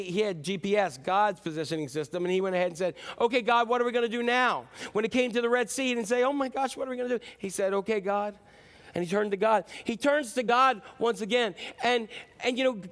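Guy pastor preaching, kinda high voice, super conversational, lots of "you know" and "like". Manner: conversational, animated preaching with fillers and asides. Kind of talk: sermon.

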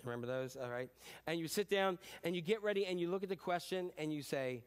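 Middle-aged man, pastor, chatty sermon, self-deprecating stories, slightly raised pitch. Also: fast talker. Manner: chatty storytelling, self-deprecating, many fillers. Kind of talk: conversational sermon.

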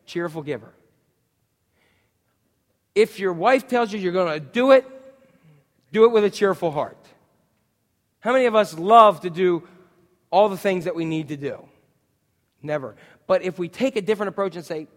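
Animated high-voiced male preacher. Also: normal speed, in a large hall. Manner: animated, jokey, asks the congregation questions. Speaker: pastor. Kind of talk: sermon.

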